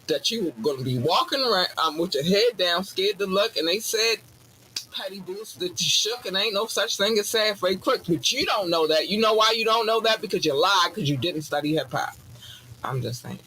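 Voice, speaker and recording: A man talks in a slightly high voice, loose and profane, preaching like a mock sermon. Quiet noise hums behind him. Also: normal speed, poor audio. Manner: profane, animated, preachy asides. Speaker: podcast host. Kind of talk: casual rant with mock sermon.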